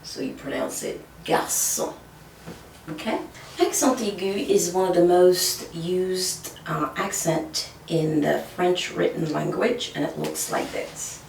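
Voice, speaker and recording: A woman's voice: on the low side, unhurried, gravelly, darkish tone, a little hiss or hum. A woman teaching French pronunciation, explaining patiently and often checking in with "okay?". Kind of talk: whiteboard language lesson. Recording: echoey room from far off.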